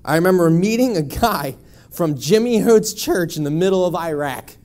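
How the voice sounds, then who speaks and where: A man's voice: high-pitched, lively intonation, moderate pace, a little mellow. A man in his thirties from Buffalo, New York, giving a personal testimony in church with a wry, conversational storytelling manner. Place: church sanctuary.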